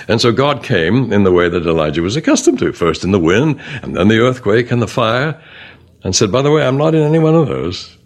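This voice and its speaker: Lively, low-voiced male preacher. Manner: conversational, rising sharply for emphasis, voicing God's words gently. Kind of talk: sermon.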